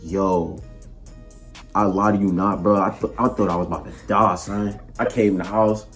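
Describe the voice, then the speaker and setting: A young man, a podcast co-host, telling stories in fast, animated slang. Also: low voice, faint music behind. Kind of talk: casual storytelling chat.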